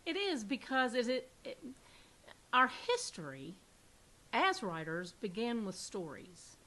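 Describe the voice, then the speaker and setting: A woman with a Southern accent hosts a relaxed interview. Her voice is bright and forward, and she talks in a chatty way, often restarting her sentences and reaching for words with fillers. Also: fairly high pitch, takes it slowly. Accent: Southern American. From American South. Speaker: podcast host and mystery author. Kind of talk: casual interview chat.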